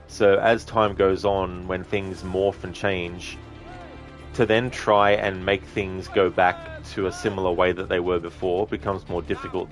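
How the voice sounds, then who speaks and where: Low-voiced gaming streamer chatting. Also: male voice. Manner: rambling, talkative, answers chat directly. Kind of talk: casual live-stream chat while playing.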